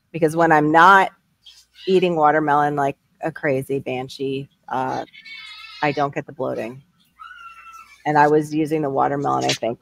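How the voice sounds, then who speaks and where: A woman's voice: low-pitched, creaky, a little hiss or hum. A woman hosting a casual livestream, chatting and greeting viewers from the chat as she reads it. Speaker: livestream host. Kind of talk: casual live-stream chat.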